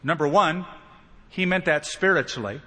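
A pastor preaches with emphasis, his fairly high voice jumping up whenever he acts out a quoted line. His words ring through a large hall with a long, trailing reverb. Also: moderate pace, pushed and bright. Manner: emphatic preaching, acting out quoted lines with rising pitch. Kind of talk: sermon.

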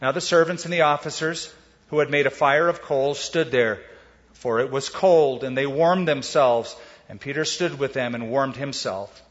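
A pastor speaks at a moderate pace in a medium-pitched voice, preaching an expository Bible sermon. He keeps it casual with asides and rhetorical questions, and the recording sounds dull with a long hall reverb.

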